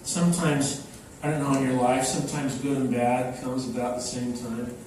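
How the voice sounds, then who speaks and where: A man's voice: medium pitch, little pitch movement, normal speed, darkish tone. Older man, public talk, anecdotal, fillers, far from mic, very echoey hall, noisy. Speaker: speaker giving a talk. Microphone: microphone, then unamplified.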